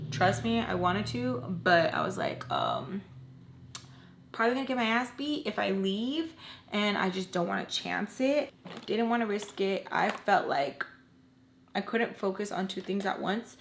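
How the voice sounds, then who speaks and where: A young woman in her twenties telling an emotional story from her own life, animated and emphatic, often stressing points with "okay?". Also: medium pitch, a little slow, gravelly, a little hiss or hum. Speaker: storytime vlogger. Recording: roomy echo.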